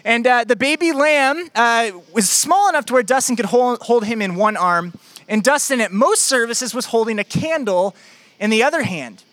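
Young pastor, jokey animated sermon storytelling, dry close sound. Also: male voice, extremely high pitch, moderate pace, dry recording.

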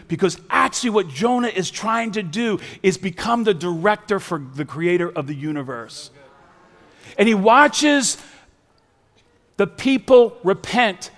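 A high-voiced male pastor preaches with emphatic repetition, moving between loud declarations and hushed prayer. His voice rings through a large church. A long reverb trails behind him. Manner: emphatic, repeats lines, swings from loud to hushed. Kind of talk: sermon. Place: large church serving several sites.

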